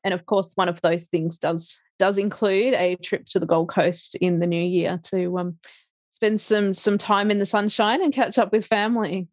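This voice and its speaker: A woman's voice: mid-range voice, steady tone, moderate pace, dry recording. Middle-aged aussie woman chatting in an interview, laughs a lot, lots of restarts, dry close sound. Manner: chatty, laughs often, many restarts and fillers. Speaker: interview guest, life coach. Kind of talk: casual interview chat.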